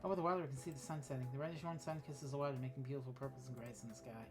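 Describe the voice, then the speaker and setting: A woman's voice: rumbling low, steady tone, very fast, over music. A woman streamer reading a text adventure game aloud, with offhand asides and swearing.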